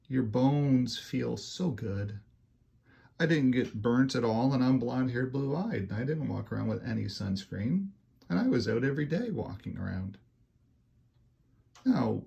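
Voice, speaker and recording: A man from Canada delivers a casual real estate update in a heavily gravelly, husky voice. He talks emphatically, repeating figures, and turns louder and faster when pressing a point. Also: mid-range voice. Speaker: real estate agent giving a market update. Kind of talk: casual video market update.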